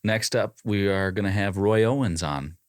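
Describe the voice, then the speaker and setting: A man with a very deep voice hosting a podcast, introducing segments briskly. He speaks in a clear announcing manner. The recording is dry and close, with no room echo. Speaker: podcast host.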